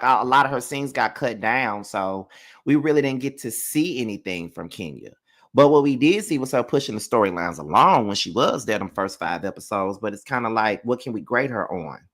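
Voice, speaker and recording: A man's voice: medium pitch, a bit bright. A man casually reviewing a reality show on his channel and grading each cast member. He talks loosely and bluntly, with plenty of ums. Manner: loose and chatty, hands out grades with frequent ums; blunt, candid opinions. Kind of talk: casual live review commentary.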